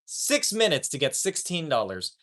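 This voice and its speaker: Lively, swearing male streamer. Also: on the high side, moderate pace. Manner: profane, animated, joking. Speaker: live streamer. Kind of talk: casual live-stream chat.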